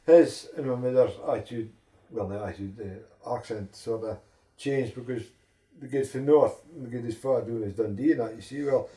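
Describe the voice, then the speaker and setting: North-east Scottish man, dark mellow voice, halting, roomy echo. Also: medium pitch. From north-east Scotland. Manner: halting, trailing off, many fillers. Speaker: interviewee. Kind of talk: casual reminiscing chat.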